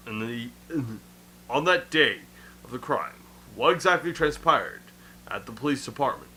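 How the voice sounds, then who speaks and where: Guy doing a fussy older judge, formal, stumbles a bit, bright tone. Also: medium pitch, a little hiss or hum. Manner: formal, fumbling. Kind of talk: video game voice playthrough.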